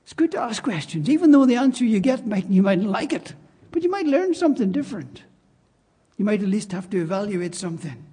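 A man's voice: high-pitched, very animated, brisk, mellow, husky. A man preaching a sermon in church, emphatic and repeating his key phrases. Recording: long reverb of a church hall.

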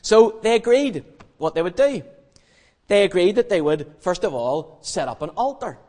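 A man telling a Bible story in an animated, humorous sermon, acting out the scenes. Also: high voice, moderate pace, long reverb tail. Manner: lively, acts out the story, humorous. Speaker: preacher.

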